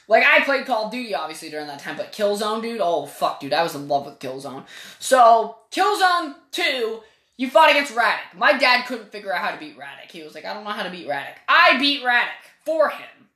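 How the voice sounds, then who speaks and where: A woman's voice: a little high, very animated, normal speed, sharp tone. Profane opinionated woman reviewing games. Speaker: podcast game reviewer. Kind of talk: casual spoken game review. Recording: echoey room.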